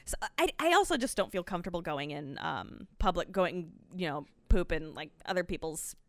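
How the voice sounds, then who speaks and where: A young adult woman telling a story in casual chat, animated and swearing freely as she acts out her own panicked lines. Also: on the low side, moderate pace, dry recording, studio quality.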